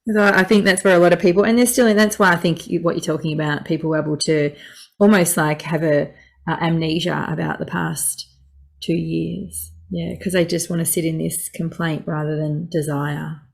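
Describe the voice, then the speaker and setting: A woman hosts a relaxed interview, her voice sitting a little low. She sounds enthusiastic and lets her phrases fade softly. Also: moderate pace, creaky. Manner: enthusiastic, repeats praise, soft low trailing phrases. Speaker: host, coach and healer. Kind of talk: casual conversational interview.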